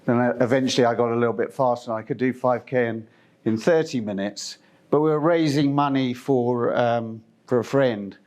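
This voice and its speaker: A man's voice: mid-range voice, moderate pace, a little mellow. A middle-aged man from Zimbabwe giving a conference presentation, chatty and meandering, with lots of fillers and restarts. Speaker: company presenter.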